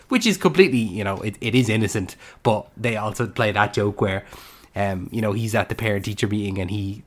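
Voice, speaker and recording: A man's voice: on the low side, brisk. A young man co-hosting a film podcast, talking casually and eagerly, often acting out scenes. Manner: animated, acts out scenes from the film. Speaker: podcast co-host.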